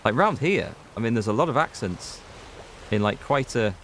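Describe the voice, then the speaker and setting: A man's voice: medium pitch, lively intonation, normal speed, a bit bright, slight background noise. Chatty North Yorkshire man gaming. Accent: North Yorkshire English. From North Yorkshire, England. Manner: chatty, rambling, talks to chat while playing. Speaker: let's play gamer. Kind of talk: casual gameplay commentary.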